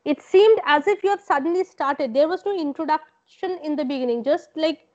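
A woman's voice: sits high, normal speed, a little mellow. A woman lecturer with an Indian English accent, giving corrective feedback over a video call and repeating her points. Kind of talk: online class feedback. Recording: dull lo-fi online call audio.

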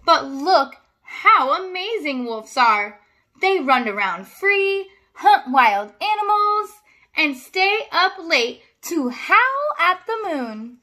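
A woman's voice: very high voice, very animated, slow pace, bright, forceful tone, full character voice. A woman voicing a small male pet dog who dreams of being a wolf, earnest and eager in a sing-song storybook way. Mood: wistful.

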